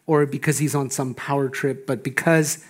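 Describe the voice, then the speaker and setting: A male pastor preaching a sermon, animated and laughing often, swinging from loud emphasis down to hushed, low lines. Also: normal speed. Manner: laughs often between phrases.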